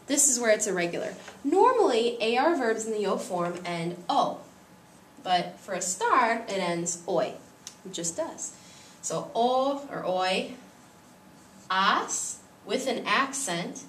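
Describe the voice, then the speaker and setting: A woman's voice: fairly high pitch, fairly bright tone, recorded from a distance, slight background noise. Woman, teacher voice, patient step-by-step explaining, roomy echo, mic set back, faint ambience. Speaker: Spanish teacher. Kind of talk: classroom grammar lesson.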